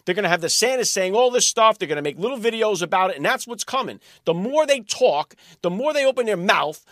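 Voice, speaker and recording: Male show host with a high, animated voice; forceful, combative monologue delivery with repeated words. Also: dry recording, clean studio sound. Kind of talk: political commentary monologue.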